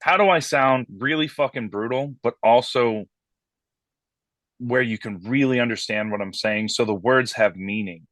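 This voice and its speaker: Animated, profane metal vocalist, dry sound. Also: male voice, medium pitch, normal speed, dry recording. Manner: animated storyteller, swears freely, acts out quoted voices. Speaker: metal band vocalist, guest. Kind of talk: casual interview chat.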